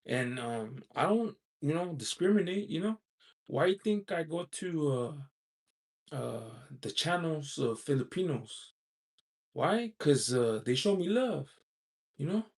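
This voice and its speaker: Husky american guy chatting on his stream, gravelly voice, lots of "you know"s and chuckles. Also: a little high, expressive, a little slow. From United States. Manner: rambling, with frequent "you know" asides; chuckles often while talking. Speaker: livestream host reading viewer chat. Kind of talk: casual livestream chat.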